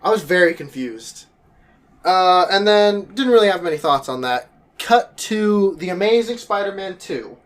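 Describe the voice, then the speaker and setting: Animated young man with a high, lively voice. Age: young adult. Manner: animated, quick shifts in pitch, jokey asides. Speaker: vlogger. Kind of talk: casual monologue to camera.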